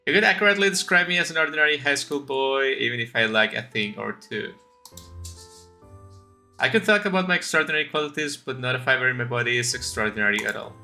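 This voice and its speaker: A man's voice: medium pitch, bright, forceful tone. A man voicing an earnest, devoted young male student, reading game dialogue aloud in a raised, eager voice.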